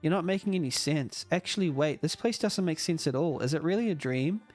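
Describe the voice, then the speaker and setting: A man's voice: a little high, expressive, fairly quick, a little mellow, faint music behind, lightly acted. A man reading aloud the lines of a confused young person who wakes in a strange dream world.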